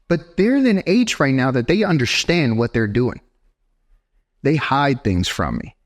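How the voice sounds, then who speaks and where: A young man preaching a sermon as pastor in a church, animated and talking straight to his congregation. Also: medium pitch, a little slow. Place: church sanctuary.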